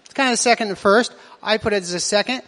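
A man's voice: sits high, fast, a bit bright. A man preaching a sermon as pastor, asking his congregation question after question. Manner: asks the congregation rhetorical questions. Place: church hall. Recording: long reverb of a church hall.

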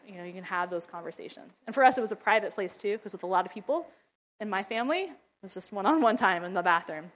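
A woman's voice: mid-range voice, animated, fast. A middle-aged woman giving parenting advice in a casual talk, chatty, often laughing, and acting out how she scolds her kids. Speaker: mother and ministry wife giving parenting advice.

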